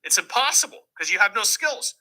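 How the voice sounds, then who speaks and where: A man's voice: high-pitched, big pitch swings, brisk, sharp tone, low-quality recording. A man giving money advice in a lecturing way, asking rhetorical questions and answering them himself. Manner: emphatic, repeats rhetorical questions. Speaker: financial commentator in a played clip.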